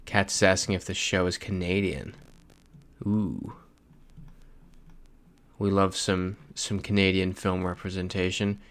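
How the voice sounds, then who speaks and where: His low voice is steady and fairly bright, and he takes his time, leaving long pauses. The man hosts a casual livestream, chatting freely and reading chat messages out loud while playing.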